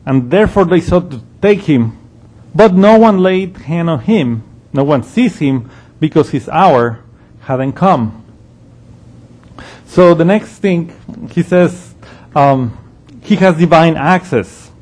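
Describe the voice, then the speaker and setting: A man leads a Bible study, explaining the text in an easy conversational manner. He thinks aloud and restarts his sentences now and then. His voice is a bit higher than most men's. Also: expressive, takes it slowly, pauses often, a little mellow. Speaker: Bible teacher. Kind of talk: expository Bible teaching.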